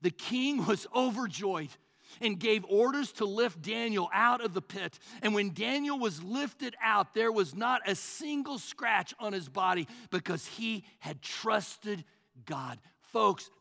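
A male pastor preaching a sermon, swinging between loud, rising passages and hushed, low asides. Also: lively intonation, slow, gravelly, in a large hall.

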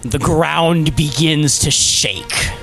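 A man's voice: on the high side, very slow, vocal fry, fairly bright tone, soft background music. A man narrating as game master in a dramatic storytelling manner.

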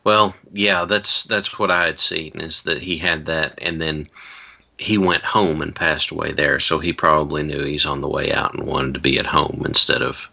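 A man's voice: a bass voice, steady tone, moderate pace, gravelly, bright, forceful tone. A man telling rambling stories in a casual chat, with wry asides and frequent restarts.

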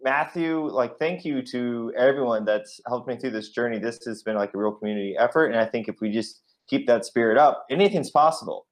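A man co-hosting a comedic podcast in a deadpan, mock-solemn way. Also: mid-range voice, a little fast, few pauses. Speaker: podcast co-host.

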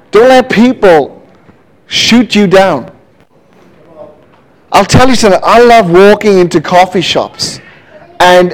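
A man preaching a lively sermon, telling stories and calling out to the congregation. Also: sits high, low-quality recording. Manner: lively, animated preaching with storytelling. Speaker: pastor.

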